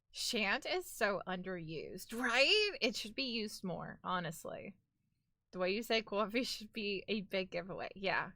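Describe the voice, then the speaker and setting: A woman's voice: mid-range voice, bright, forceful tone, dry recording, studio quality. A woman with a New York accent chatting casually on a live stream, rambling and filling her talk with "like".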